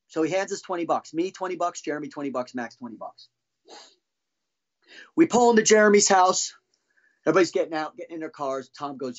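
A man's voice: a little high, fast, dull audio. A middle-aged man, a former band drummer, telling heated, profane stories as a podcast guest. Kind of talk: casual storytelling.

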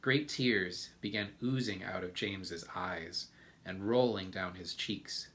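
A man reading a children's storybook aloud as a teacher, gentle and deliberate. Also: low-pitched.

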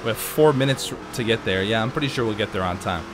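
A man casually commenting while playing a racing game, chatty and jokey with sudden excited outbursts. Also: fairly low pitch, quick pace, a little hiss or hum. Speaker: let's play host.

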